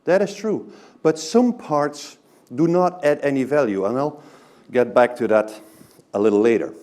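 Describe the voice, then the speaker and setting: A man's voice: medium pitch, normal speed, darkish tone. A man giving a conversational talk to a live audience, often checking in with the room by asking "right?". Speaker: presenter.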